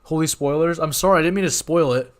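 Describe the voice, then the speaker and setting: Rambling, excitable young man streaming live. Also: fairly high pitch, quick pace. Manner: rambling, excitable, apologizes often. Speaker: watch party host. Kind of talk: live-stream reaction chat.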